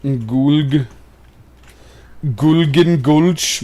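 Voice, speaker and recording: Animated young man telling gaming stories. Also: a little high, measured pace. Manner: animated, storytelling, profane. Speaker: gaming commentator. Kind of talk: casual gaming chat.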